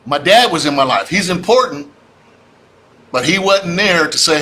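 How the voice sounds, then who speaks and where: A real estate investor speaker, a man with a slightly high voice talking at normal speed, delivers a fired-up, preachy livestream about real estate. He's animated and keeps calling out to his audience as "y'all."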